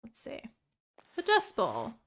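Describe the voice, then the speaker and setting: A woman streamer giving chatty, excitable let's play commentary full of rambling asides. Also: on the high side, slow, creaky.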